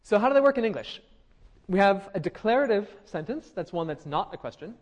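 Chatty male lecturer, slightly higher voice. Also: big pitch swings, a little fast. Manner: conversational, frequent fillers and restarts, asks the class questions. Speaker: university lecturer. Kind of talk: classroom lecture. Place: classroom.

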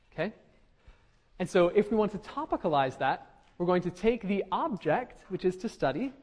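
High-voiced man lecturing on grammar. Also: a little mellow. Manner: explanatory, checks in with students often; frequent filler ums. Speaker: linguistics instructor. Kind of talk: classroom lecture.

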